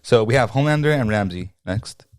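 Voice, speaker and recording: Soft-spoken laid-back podcast co-host. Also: male voice, fairly low pitch, expressive, fairly quick. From United States. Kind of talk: casual chat.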